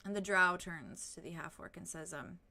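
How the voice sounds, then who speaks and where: A woman narrating a tabletop game as game master, relaxed and a bit hesitant as she speaks. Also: lowish voice, normal speed, vocal fry.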